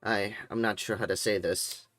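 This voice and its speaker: A man voicing a proud young male prosecutor who talks in a stiff, halting, reserved way. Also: lowish voice, steady tone, a bit bright, no echo, soft background music, lightly acted.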